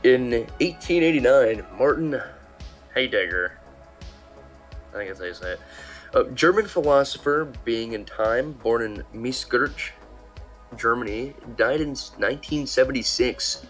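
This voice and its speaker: A man's voice: medium pitch, animated, moderate pace. A man co-hosting a casual podcast, reading historical dates in a laid-back way. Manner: laid-back, brief agreeing replies. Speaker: podcast co-host. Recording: faint music underneath. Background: music.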